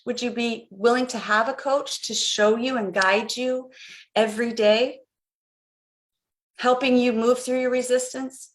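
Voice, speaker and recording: A woman's voice: on the high side, steady tone, unhurried. Woman, middle-aged, life coach, live-stream talk, earnest, repetitive, guiding. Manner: earnest, repetitive, guiding listeners through visualization.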